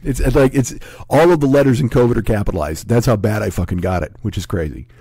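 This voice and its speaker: A man in his forties with a hoarse, sick voice, rambling and swearing through a casual podcast monologue at home. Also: lowish voice, fast talker, warm tone, dry recording. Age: 40s. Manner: profane, rambling, self-deprecating. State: hoarse, sick with a sore throat. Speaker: comedy podcast host.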